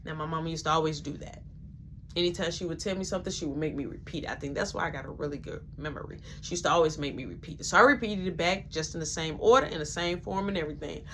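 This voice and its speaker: A woman's voice: low voice, quick pace, a bit bright, slight background noise. A woman telling a personal story in a casual, slangy way with swearing.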